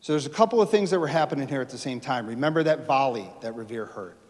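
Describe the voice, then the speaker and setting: A man giving a storytelling history lecture to a live audience in a lecture hall, animated, acting out quotes and asking the audience questions. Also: medium pitch, fast talker. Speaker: history speaker. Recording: reverberant hall.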